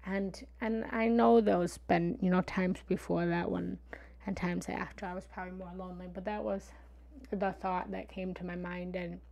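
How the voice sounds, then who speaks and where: Woman, meditation coach, live-stream talk, gravelly fry, candid confessional storytelling. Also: lowish voice, a little mellow. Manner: candid, vulnerable storytelling with many fillers and "right?".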